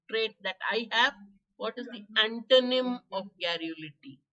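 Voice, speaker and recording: A hoarse woman with an Indian English accent teaching a live online vocabulary class, chatty, quizzing students by name and clearing her throat. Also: a little high, takes it slowly, sharp tone, muffled recording. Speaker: exam prep teacher.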